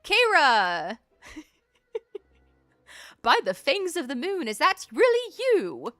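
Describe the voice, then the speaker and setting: A woman voicing a jovial male vampire uncle who has been cursed into a small bat, giving the game dialogue a lively, theatrical read. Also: sits high, slow pace, no room sound, studio quality, faint music behind, voice pushed up, full character voice. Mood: excited.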